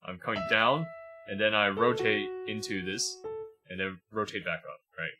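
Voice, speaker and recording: Male piano teacher, patient livestream explainer, low-ish voice, piano behind. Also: normal speed. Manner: patient, explains while demonstrating, often asks "right?". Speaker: piano teacher reviewing a student. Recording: piano music playing behind.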